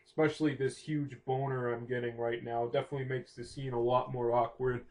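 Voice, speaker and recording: A man's voice: medium pitch, level tone, normal speed, a little mellow, lightly acted. Uncle Vernon, a man doing a flustered grumpy uncle. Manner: flustered, stammering. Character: grumpy, embarrassed middle-aged uncle.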